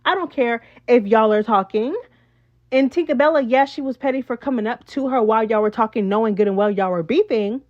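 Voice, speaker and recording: A woman's voice: a little high, fairly quick, muffled recording. A woman hosting a reality TV recap, chatting casually and sassily, often calling her listeners "child" and "girl". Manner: chatty, sassy, says "child" and "girl" a lot. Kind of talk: casual gossip commentary.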